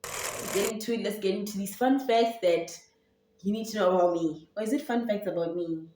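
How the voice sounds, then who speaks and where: A woman's voice: mid-range voice, brisk, background noise. Chatty young Zambian woman with a Setswana twang. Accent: Setswana-tinged English. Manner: chatty, rambling, many fillers and restarts. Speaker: YouTuber and podcaster. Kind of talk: casual sit-down vlog chat. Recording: roomy echo, voice from a distance.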